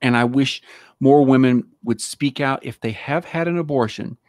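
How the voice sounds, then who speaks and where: A man's voice: medium pitch, normal speed, darkish tone, no room sound. Earnest man, dry close sound. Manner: earnest, pastoral appeal. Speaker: host. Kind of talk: faith talk show.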